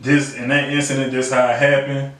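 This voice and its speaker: A man's voice: mid-range voice, level tone, a little fast, fairly bright tone. Slangy man in an echoey room. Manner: loose, slangy, acts out players' lines in a raised voice. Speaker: podcast co-host. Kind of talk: casual sports chat. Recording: echoey room, mic at a distance.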